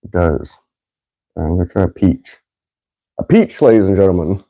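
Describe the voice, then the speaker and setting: A man's voice: deep voice, expressive, normal speed, muffled recording. A man hosting a casual podcast, doing a food taste challenge, laughing often and swearing casually. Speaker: podcast host.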